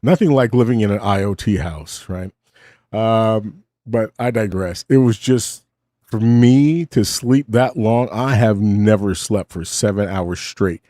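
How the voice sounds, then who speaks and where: A middle-aged man with a low, warm voice drifts through a casual late-night monologue at a studio mic. He interrupts himself often and drops wry asides, sounding short on sleep. The sound is dry and close. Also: unhurried, no echo. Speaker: host of a late-night stream. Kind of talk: casual rambling talk. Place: home studio. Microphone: studio mic with cough button.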